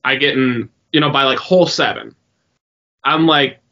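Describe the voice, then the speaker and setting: Young man, podcast co-host, bright tense voice, rambling and swearing, dull lo-fi sound. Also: medium pitch, moderate pace. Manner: rambling, swearing, animated storytelling. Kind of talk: casual chat.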